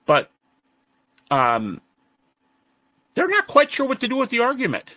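A man being interviewed as a scholar, telling stories in a lively conversational way and mimicking the people he quotes. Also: extremely high pitch, unhurried, no echo. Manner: animated, mimics the voices of students he quotes. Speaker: interview guest, resurrection scholar. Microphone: audio-only interview recording.

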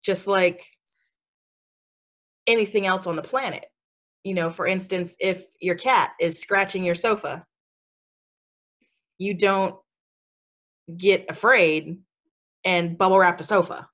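Chatty, sassy woman, lowish voice. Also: slow pace, long pauses, fairly bright tone. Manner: chatty, sassy, laughs often, many fillers. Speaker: spiritual speaker. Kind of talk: casual podcast chat.

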